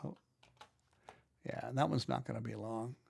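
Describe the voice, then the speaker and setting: A man's voice: medium pitch, moderate pace, vocal fry, darkish tone, breathy edge. A man walking through his computer work in a casual, rambling way, thinking aloud and restarting his sentences. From United States. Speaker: audiobook narrator and video creator. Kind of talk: casual screen-recording walkthrough.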